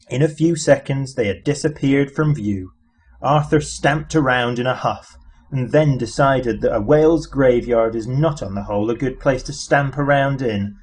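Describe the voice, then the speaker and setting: Husky-voiced man narrating an audiobook. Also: medium pitch, moderate pace, darkish tone. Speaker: audiobook reader.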